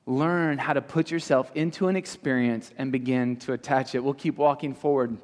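This youth pastor has a mid-range, slightly mellow voice with a steady tone. He fires rapid questions at the audience in a large hall as he teaches, and the room's reverb is clearly audible.

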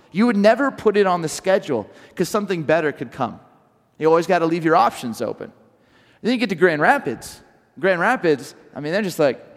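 Animated man preaching in a reverberant hall. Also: high voice, a little fast. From Southern California. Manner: animated storytelling with repeated restarts. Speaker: pastor. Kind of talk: sermon.

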